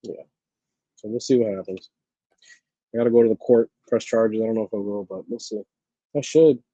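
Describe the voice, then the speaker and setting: A man chatting casually as a guest on a call, quick and trailing off at times. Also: lowish voice, mellow, dry recording, dull audio. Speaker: guest caller. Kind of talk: casual chat.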